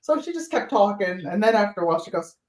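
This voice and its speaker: An older woman chats on a livestream and tells family stories with lots of animation. She lifts her voice to act out the people she quotes. Her voice rings with the echo of a bare room, at a middle pitch. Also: sing-song, quick pace, a crowd in the background. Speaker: guest storyteller. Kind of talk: casual chat on a livestream. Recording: roomy echo.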